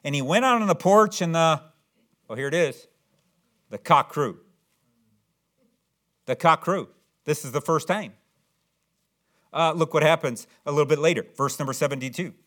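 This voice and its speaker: A man delivers a sermon in a fairly high-pitched voice. He draws out scripture readings slowly and hammers points home by repeating phrases. His delivery rises from quiet explanation to loud, emphatic declarations. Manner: reads scripture aloud in slow, drawn-out cadence. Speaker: pastor.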